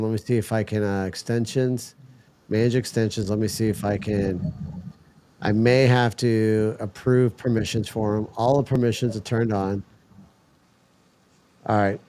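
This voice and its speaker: A man's voice: lowish voice, steady tone, normal speed, pauses often, darkish tone. A man hosting a casual livestream, talking to his chat while he fixes a setup and swearing now and then in frustration. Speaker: livestream host.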